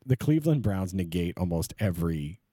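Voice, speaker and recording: Man, podcast co-host, very deep voice, dark tone, rambling casual chat. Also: very animated, husky, no room sound, clean studio sound. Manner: rambling, halting, with many restarts. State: short on sleep.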